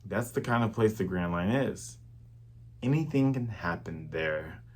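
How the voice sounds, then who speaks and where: A man doing a gruff, stern old chef. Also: low voice, lively intonation, a little slow, voice pushed down.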